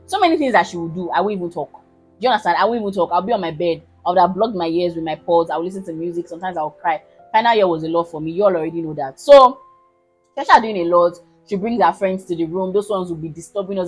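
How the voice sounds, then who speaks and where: A woman in her twenties with a Nigerian accent, telling a personal story to her viewers in a casual, animated, emphatic way. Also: lowish voice, husky, low-quality recording. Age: 20s. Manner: animated, emphatic, keeps asking listeners if they understand. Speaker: vlogger.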